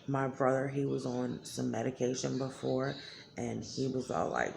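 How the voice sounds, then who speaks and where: A woman's voice: very deep voice, normal speed, gravelly, darkish tone, a little hiss or hum. A woman talking candidly to her viewers in a blunt, emotional way, swearing freely. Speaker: vlogger. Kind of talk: candid talk to camera.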